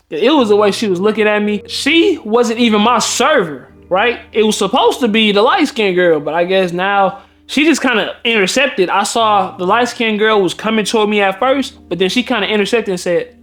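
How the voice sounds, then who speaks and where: A man's voice: sits high, animated, fairly quick, hardly any pauses, a bit bright. A man, a dating coach, telling a personal story in a slangy, laid-back way that breaks into laughing outbursts. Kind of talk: casual storytime monologue.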